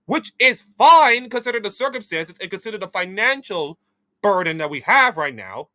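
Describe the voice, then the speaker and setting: A man hosting an esports news show, giving opinionated commentary in a rambling, animated way with frequent restarts. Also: high-pitched, brisk, dry recording.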